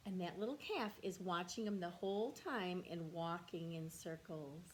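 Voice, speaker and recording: A woman teacher reading a picture book aloud to children, pausing to ask them to predict what happens next. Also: on the low side, a little hiss or hum. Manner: gentle, questioning, drops to whispers for kids.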